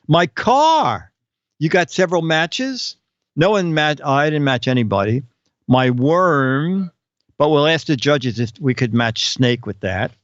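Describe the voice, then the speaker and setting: A man's voice: a little high, expressive, measured pace. A man hosting a live-streamed show, chatting casually and rambling, with frequent laughs. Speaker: show host. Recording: dull lo-fi stream audio with faint music.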